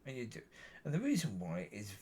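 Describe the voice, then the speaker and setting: A man's voice: mid-range voice, huge pitch swings, brisk, warm tone, a little hiss or hum. A man giving a rambling personal faith testimony to camera, often repeating and correcting himself. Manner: meandering, repeats himself, frequent self-corrections. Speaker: Christian vlogger.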